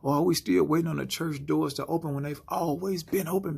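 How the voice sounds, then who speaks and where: A man giving a spoken-word motivational sermon, slow and dramatic, often dropping into hushed whispers. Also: on the high side, steady tone, gravelly, slightly rough. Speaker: motivational speaker.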